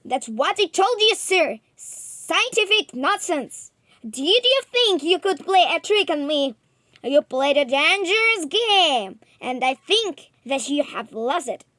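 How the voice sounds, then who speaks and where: A woman voicing a loud, short-tempered old male professor who roars and mocks in a storybook reading. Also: very high-pitched, sing-song, takes it slowly, dry recording, voice pushed up, exaggerated voice. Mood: furious. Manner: roaring, bullying, mocking.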